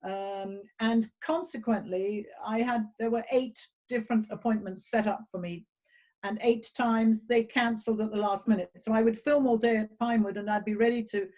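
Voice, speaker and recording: A woman's voice: fairly high pitch, darkish tone, muffled recording. Woman, guest actress, chatty, self-deprecating, lots of ums, video call. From England. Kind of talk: casual anecdote on a video call.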